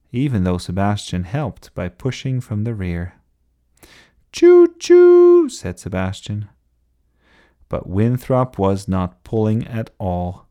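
A man reading a children's bedtime story aloud in an expressive storybook style. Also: low voice.

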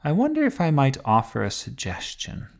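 A man's voice: medium pitch, huge pitch swings, normal speed, creaky, voice pushed up, heavily acted. A man voicing a polite, deferential butler in a children's story, speaking formally.

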